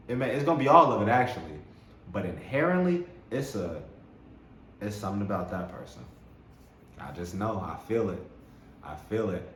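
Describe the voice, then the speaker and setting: Man, low-pitched, spiritual self-help host, enthusiastic, repetitive phrasing, echoey room, faint hiss. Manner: enthusiastic, repeats words, laughs often. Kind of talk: motivational spiritual talk. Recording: roomy echo with faint background noise.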